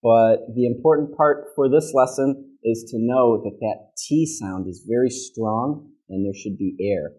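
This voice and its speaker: Slow, mellow Midwestern American teacher. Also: male voice, mid-range voice, slightly rough, rough recording. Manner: patient, checks in with "okay?" constantly; demonstrates sounds by modeling words aloud. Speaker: pronunciation teacher. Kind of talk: classroom lesson.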